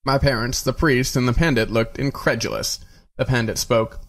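A man's voice: mid-range voice, fairly even intonation, normal speed. A man narrating a novel aloud in a wry storytelling manner, with occasional slips and restarts. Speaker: reader.

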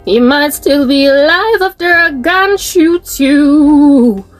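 A woman's voice: high voice, takes it slowly, soft background music. A woman from South Africa, a Christian online minister, joking and preaching in a theatrical, half-sung way. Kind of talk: playful improvised singing and preaching.

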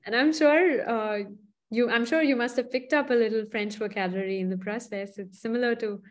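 A woman's voice: fairly high pitch, fairly quick. Woman host, casual interview, meandering questions with lots of "um" and "you know". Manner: hesitant, many fillers while framing questions.

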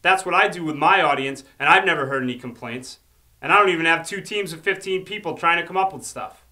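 A man's voice: a little high, fast, very noisy. A man hosting a comedic wrestling commentary show, sardonic and mock-arrogant. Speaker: host.

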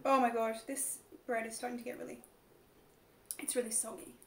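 A woman's voice: a little high, flat delivery, brisk, vocal fry, slight background noise. A woman chatting and giggling while eating soup on a livestream, talking with her mouth full. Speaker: mukbang co-host. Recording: roomy echo.

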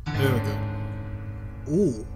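A man's voice: mid-range voice, expressive, slow pace, over music. A man playing through a game and reading its text aloud, chatting casually and muttering, at times breaking into exasperated rants. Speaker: gaming video host.

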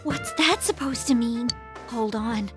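A woman's voice: fairly high pitch, measured pace, music in the background, lightly acted. A woman voicing a blunt, caring teenage schoolgirl in a video game, anxious and direct. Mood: worried.

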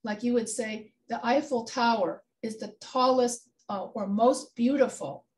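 A woman's voice: on the high side, unhurried, darkish tone, slight background noise. A woman teaching a grammar lesson in an online class, explaining rules step by step and checking in with her students. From Texas. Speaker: writing instructor.

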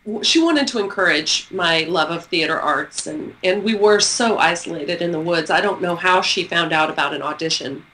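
Bright, lively woman from Texas. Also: fairly low pitch, normal speed, hardly any pauses, a little hiss or hum, low-quality recording. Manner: lively, expressive, laughs often. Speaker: guest author. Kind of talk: storytelling interview.

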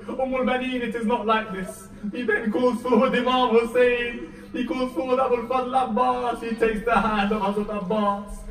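A man giving a Muharram lecture, reciting a mournful story with deep emotion that swells to near-wailing. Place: mosque or community hall. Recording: echoey hall, mic heard from a distance.

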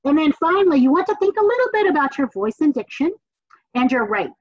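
Southern American woman, professor type, bright-leaning higher voice, energetic and encouraging; dull, dry lo-fi sound. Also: fast, no echo. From Southern United States. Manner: energetic, encouraging, emphatic repetition. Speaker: communications professor. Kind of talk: classroom lecture.

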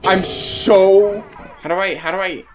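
A man giving casual gaming commentary, swearing a lot and swinging from low muttering to panicked yelling. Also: steady tone, a little slow, music in the background. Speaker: gamer streaming a co-op horror game.

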